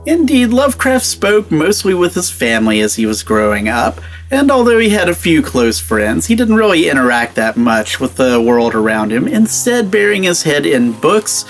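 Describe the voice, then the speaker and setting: A male host delivers a scripted narration in a somewhat high voice. His pitch moves up and down a great deal, which keeps it animated and expressive. Faint music plays underneath. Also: moderate pace.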